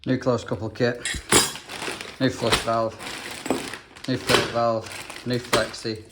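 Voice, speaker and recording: Narrating a casual work vlog from a bathroom he's fixing, a young English plumber talks chattily and grumbles dryly as he goes. He speaks slowly in a mid-range voice with little pitch movement, and the recording is very noisy.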